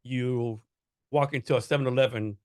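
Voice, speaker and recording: A man's voice: medium pitch, fairly even intonation, moderate pace, a little mellow, no echo, studio quality. A man hosting a casual interview podcast, asking meandering questions full of fillers. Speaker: podcast host.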